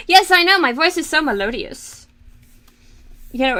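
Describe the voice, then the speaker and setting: Lively high-voiced woman streamer. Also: moderate pace. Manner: rambling, self-mocking, giggly. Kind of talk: casual livestream chat while drawing.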